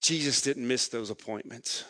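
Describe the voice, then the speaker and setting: A man's voice: mid-range voice, moderate pace, pushed and bright, no room sound, studio quality. A man preaching a sermon as a pastor, telling stories in a conversational way and repeating phrases for emphasis.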